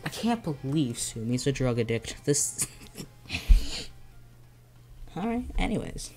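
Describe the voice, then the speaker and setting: A casual vlogger with a mid-range voice, rambling along in a giddy way and often restarting sentences. They talk through a headache in a loose, offhand manner. Soft music plays faintly underneath. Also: medium pitch, sing-song, slow. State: has a headache. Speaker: video creator. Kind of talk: casual vlog commentary.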